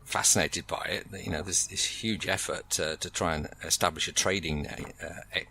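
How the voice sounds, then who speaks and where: A middle-aged man, a board game designer, giving measured, rambling explanations with many pauses in a casual podcast interview. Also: deep voice, fairly even intonation, bright, forceful tone, a little hiss or hum.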